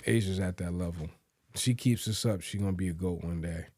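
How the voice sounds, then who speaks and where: A man's voice: deep voice, fairly quick, a little mellow, no echo, studio quality. A man co-hosting a podcast, chatting casually about sports and often repeating words as he thinks aloud. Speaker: podcast co-host.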